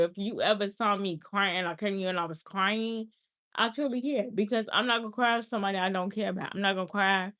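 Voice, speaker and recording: A woman's voice: mid-range voice, fairly bright tone. A woman hosting a casual livestream, talking earnestly and repeating herself. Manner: earnest, repetitive, heartfelt talk. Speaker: livestream host.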